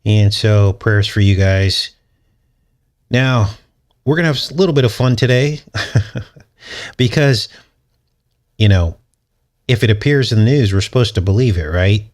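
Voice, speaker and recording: A man's voice: lowish voice, lively intonation, measured pace, long pauses, a little mellow. A man hosting his channel, talking through a casual commentary monologue in a sarcastic, mocking way and chuckling often. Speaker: channel host.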